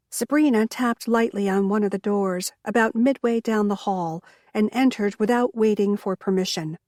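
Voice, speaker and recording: A woman narrating a cozy mystery audiobook in a measured storytelling manner. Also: medium pitch, a little mellow, dry recording, studio quality. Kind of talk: scripted narration.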